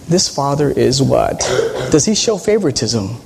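A man's voice: medium pitch, expressive, fairly quick, gravelly, darkish tone, slight background noise. A man, a pastor, preaching a sermon in a teacherly way, quizzing the congregation and retelling Bible stories with animation.

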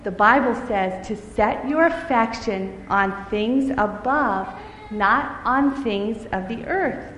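A woman voicing a kind, wise grandmother who speaks softly and patiently. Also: a little high, slow, slight background noise. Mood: soothing. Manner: soft, soothing and patient. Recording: echoey hall with faint ambience.

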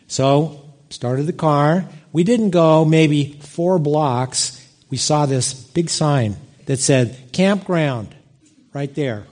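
A middle-aged man preaching a sermon, telling a personal story with lively swings in his voice. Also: measured pace. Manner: animated storytelling, big swings in pitch.

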